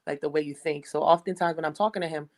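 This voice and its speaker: A woman's voice: low-pitched, fairly even intonation, fast, low-quality recording. Blunt, foul-mouthed young woman. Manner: blunt, profane storytelling. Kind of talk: casual chat.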